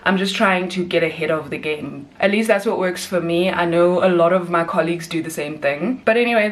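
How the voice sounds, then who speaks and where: A chatty woman talks casually to her viewers, rambling from one everyday thing to the next and laughing easily. Her voice sits a little low for a woman. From South Africa. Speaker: flight attendant vlogger. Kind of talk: casual vlog chat.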